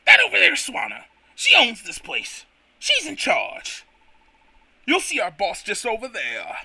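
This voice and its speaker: A man voicing a brash male apprentice carpenter creature in a high, nasal cartoonish voice with rough slang. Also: wildly swooping pitch, unhurried, sharp tone, no echo, full character voice.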